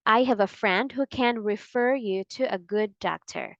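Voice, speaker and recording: A woman teaching English pronunciation, speaking patiently and repeating model sentences slowly. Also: on the high side, dry recording. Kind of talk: slow, deliberate pronunciation lesson. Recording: dry, slightly dull sound.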